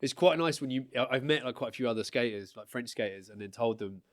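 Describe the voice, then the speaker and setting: A man in his thirties, chatting on a podcast with a mid-pitched voice. He tells anecdotes with bursts of laughter and acts out quotes. The sound is dry and close on a studio mic. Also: quick pace, no echo. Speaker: guest artist. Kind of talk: casual podcast chat.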